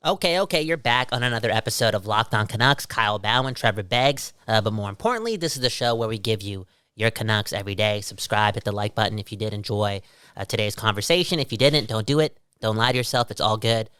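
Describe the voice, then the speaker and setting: A man hosting a sports podcast, talking in an energetic, slangy and blunt way. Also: fairly low pitch, fast, clear, resonant tone, no echo. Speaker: podcast co-host. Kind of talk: casual sports chat.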